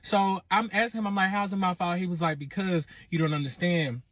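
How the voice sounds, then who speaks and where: A man telling his own relationship story in casual, animated storytime style, acting out quotes. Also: high voice, brisk, dry recording. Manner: animated, acts out quotes in raised voice.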